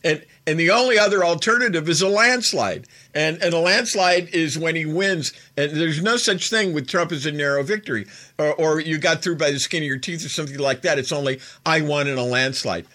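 Incredulous bright-voiced male commentator. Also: on the high side, fairly quick. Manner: incredulous, mocking, laughs while talking. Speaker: political commentary host. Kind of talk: casual commentary, recounting an interview.

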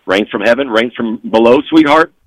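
A man's voice: medium pitch, normal speed, no room sound, pitched below the performer's own voice, natural voice, poor audio. A man voicing a sarcastic divine mother goddess who teases playfully and calls him sweetheart. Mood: teasing.

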